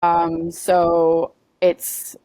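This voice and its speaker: A woman guest on a podcast, telling a personal story in earnest, halting conversation full of "like" and "you know.". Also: on the low side, monotone, dark tone, dry recording.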